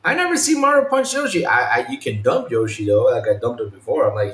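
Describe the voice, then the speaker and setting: Animated man in casual gaming chat. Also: mid-range voice, fairly quick, hardly any pauses, roomy sound. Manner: animated, mimics game sounds, swears casually. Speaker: podcast host.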